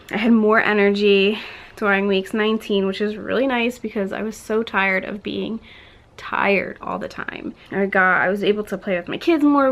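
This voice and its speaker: A young woman talks straight to the camera in a loose, rambling vlog, her story full of "like" and restarts. She laughs often between words. She sounds a little out of breath, and her pitch sits in the middle. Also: a bit bright. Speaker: vlogger.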